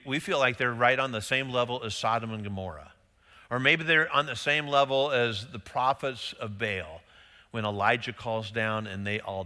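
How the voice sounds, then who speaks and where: A middle-aged male pastor with a mid-range, very bright and forward voice delivers a loose, conversational sermon. He fires off rhetorical questions and slips into quick quoted voices, while a long reverb rings out as if in a large church sanctuary.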